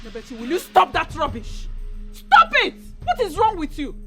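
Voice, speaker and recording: A woman's voice: high-pitched, big pitch swings, brisk. An actress with a Nigerian accent playing an indignant middle-aged mother who scolds and keeps insisting on an explanation. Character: indignant mother confronting her accuser. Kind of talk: Nollywood film acting. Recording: film dialogue with faint music.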